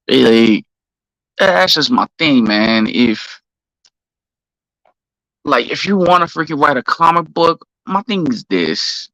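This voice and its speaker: A man hosting a live stream, ranting heatedly and profanely while shouting out viewers in the chat. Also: on the high side, sing-song, slow, pauses often, no room sound, poor audio.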